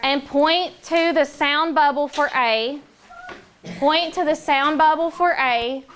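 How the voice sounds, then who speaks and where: Woman teacher, high voice, patient and directive, classroom, faint background noise. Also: fairly bright tone. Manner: clear, patient, directive, drawn-out sounds. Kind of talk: classroom phonics lesson.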